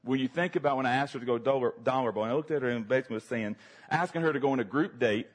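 A man with a Southern accent preaching a sermon, telling a funny personal story with lively acted-out moments. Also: mid-range voice, very fast. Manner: animated, humorous storyteller, acts out his younger self.

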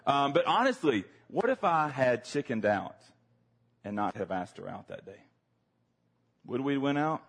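A man with a Southern accent preaching a sermon, telling a funny personal story with lively acted-out moments. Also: mid-range voice, measured pace, pauses often. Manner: animated, humorous storyteller, acts out his younger self.

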